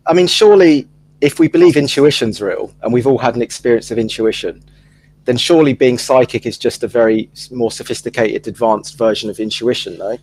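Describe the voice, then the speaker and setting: A man's voice: medium pitch, brisk, a little mellow, a little hiss or hum, rough recording. A man hosting a casual chat on a video call, laid-back, chummy and jokey. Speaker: host.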